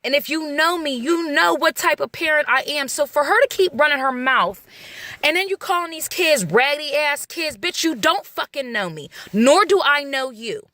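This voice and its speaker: A woman's voice: high voice, lively intonation, moderate pace, pushed and bright, no room sound. A woman and mother speaking to camera in a blunt, profane, emphatic rant. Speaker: vlogger, mother.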